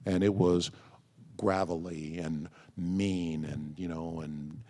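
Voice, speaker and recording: A man speaks slowly in a low, dark voice with fairly even intonation, answering fan questions at a convention panel. He tells stories and acts out quoted exchanges, and the large convention hall gives a long reverb.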